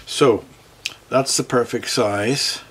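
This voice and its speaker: A luthier from Northern Ireland talks through a guitar repair while he works, thinking out loud and fixing his own phrasing mid-sentence. His medium-pitched voice is slow, fairly even in intonation, and has a breathy edge.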